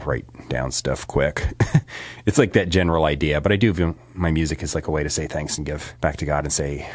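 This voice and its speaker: A man with a very deep voice talks casually into a studio microphone, rambling and laughing often. His throat is still a little rough from a recent illness. The sound is dry and close, with no room echo. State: recovering from a sore throat. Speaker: singer-songwriter. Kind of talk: casual vlog chat. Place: home recording studio.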